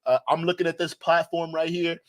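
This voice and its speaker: A man's voice: a little high, completely flat delivery, brisk. A man hosting a casual livestream, reading super chats, rambling and joking with frequent laughs. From Nigeria. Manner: joking, rambling, laughs often, shouts out viewers. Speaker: livestream commentator.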